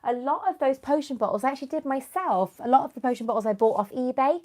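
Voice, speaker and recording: Chatty woman, slightly high voice. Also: fast talker, darkish tone. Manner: chatty, rambling, answers viewers by name. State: runny nose, clearing her throat. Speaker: YouTuber hosting a live stream. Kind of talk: casual live-stream chat.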